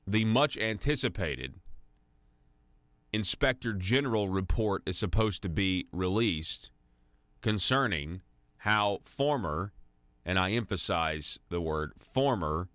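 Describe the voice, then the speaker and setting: Deep-voiced opinionated talk radio host. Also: male voice, pushed and bright, no room sound. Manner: opinionated, with many restarts and fillers. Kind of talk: political talk radio commentary.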